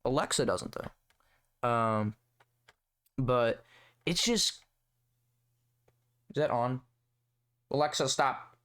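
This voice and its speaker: A man's voice: mid-range voice, expressive, slow, long pauses, fairly bright tone. A young man hosting a solo podcast, rambling and swearing in a sarcastic, casual rant. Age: young adult. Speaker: podcast host.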